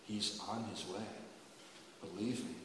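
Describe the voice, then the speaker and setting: A soft, calm young woman offering tender reassurance, as a man voices her in a quiet low tone. The voice drifts through an echoey hall, picked up from far off. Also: slow, background noise. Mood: reassuring.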